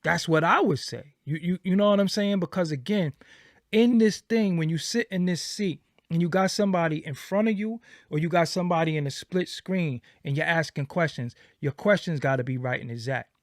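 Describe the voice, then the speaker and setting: A man with a somewhat high voice gives casual commentary as an interviewer. He talks emphatically and repeats his points for weight. The sound is dry and close. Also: a little fast, no echo. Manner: emphatic, repetitive, acts out quoted reactions.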